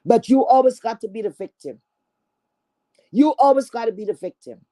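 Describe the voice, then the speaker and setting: A woman's voice: fairly high pitch, expressive, moderate pace, warm tone. A woman delivering an angry, profane callout rant, confrontational and scornful, often repeating herself. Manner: repetitive, stammering restarts. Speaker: online streamer.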